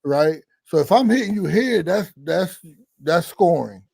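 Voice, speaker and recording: This boxing coach's voice sits high and sounds creaky and husky, with a measured pace and no echo. Animated and casual on a livestream, he demonstrates how fights are scored.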